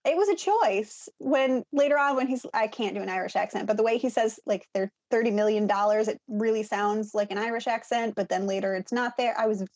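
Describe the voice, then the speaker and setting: A woman's voice: on the high side, brisk, few pauses, darkish tone. A woman in casual chat on a movie podcast, curious and talkative. Her voice sits a little above the usual for a woman. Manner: inquisitive, talkative. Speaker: podcast co-host.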